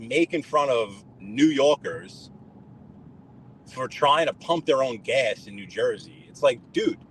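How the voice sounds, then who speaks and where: A man's voice: mid-range voice, a little hiss or hum. A man, ranting sarcastically on a live stream while driving his car. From New York. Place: inside a car.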